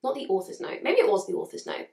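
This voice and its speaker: A woman chatting to camera about books she wants to read, gushing and hedging, a little hoarse as she is losing her voice. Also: on the high side, wildly swooping pitch, fast, warm tone, reverberant. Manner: chatty and gushing, with frequent hedges. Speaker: book vlogger. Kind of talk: casual chat to camera.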